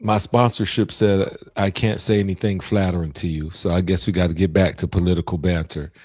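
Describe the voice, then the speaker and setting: Low-voiced man, dry teasing. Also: fairly even intonation, brisk, darkish tone, dry recording. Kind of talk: casual group chat.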